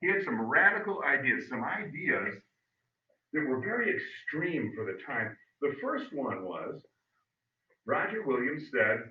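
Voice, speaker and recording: Animated male teacher in an echoey classroom. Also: medium pitch, unhurried. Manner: animated, acts out voices, loud bursts. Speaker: history teacher. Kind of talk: classroom storytelling lecture. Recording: phone-like, echoey, distant mic.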